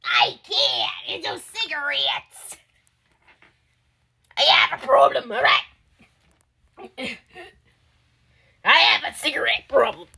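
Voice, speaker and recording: A woman's voice: high-pitched, animated, bright, forceful tone, heavily acted. A woman voicing a stubborn older chain-smoking woman who grumbles, coughs and gets touchy in a comedy skit. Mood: defensive. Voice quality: gravelly, coughing smoker's voice. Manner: slow, grumbling and defensive.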